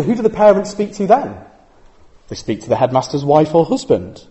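A man's voice: on the high side, dark tone. A man preaching a sermon in a conversational way, full of rhetorical questions.

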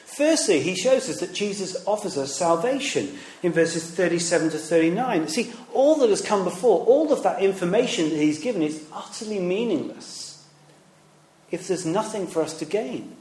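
A man with a high, slightly mellow, sing-song voice preaches at a moderate pace in an echoey room. He's a preacher and former teacher whose conversational sermon mixes stories, rhetorical questions, and acted-out quoted voices.

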